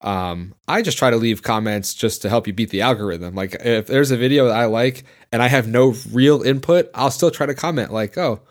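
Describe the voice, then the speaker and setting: A man's voice: mid-range voice, a little fast, few pauses. A man in casual conversation, easygoing and joking, talking about reading comments on his videos.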